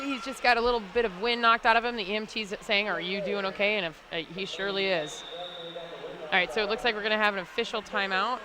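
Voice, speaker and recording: A woman calls a roller derby bout in a playful, joking way. Her voice sits at a middling pitch. There is clear noise from the venue in the recording. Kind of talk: live sports commentary. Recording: noisy arena broadcast feed.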